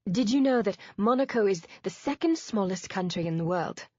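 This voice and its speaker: A woman's voice: mid-range voice, expressive, moderate pace, a little mellow, dry recording, natural voice. A woman voicing a smart, bookish young woman who sounds eager and a little anxious. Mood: nervous. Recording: dull dry studio read.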